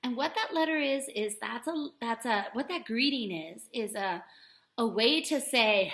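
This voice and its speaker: A woman teaching young children to write a letter, talking slowly and stretching out sounds. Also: a little high, animated, echoey room, background noise. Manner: slow, sing-song teacher voice that stretches out sounds. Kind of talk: remote writing lesson for young children.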